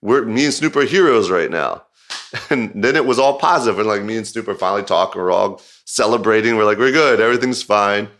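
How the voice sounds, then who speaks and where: A man's voice: on the low side, fairly quick. A man who directs music videos, telling a story in an interview in a casual, rambling way, full of "like" and with bursts of laughter. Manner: rambling, filler-heavy storytelling with frequent "like"; animated, laughing retelling.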